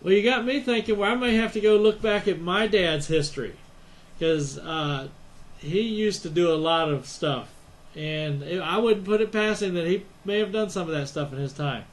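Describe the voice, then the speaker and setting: A man's voice: high voice, moderate pace. A man hosting a racing talk show, chatting and bantering in an easygoing way with a guest. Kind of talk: casual chat.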